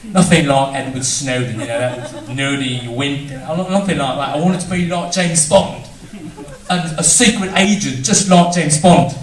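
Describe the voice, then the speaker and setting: A man's voice: a little high, normal speed. A man with a Filipino accent doing stand-up comedy on a theatre stage, jokey and slipping into mock accents. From Philippines. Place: theatre stage before a live audience. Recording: distant echoey theatre recording with loud crowd.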